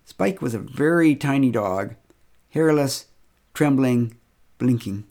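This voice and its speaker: A man's voice: mid-range voice, animated, slow pace, darkish tone. Wry middle-aged man telling a funny story. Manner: wry, dry humor. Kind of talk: humorous first-person storytelling.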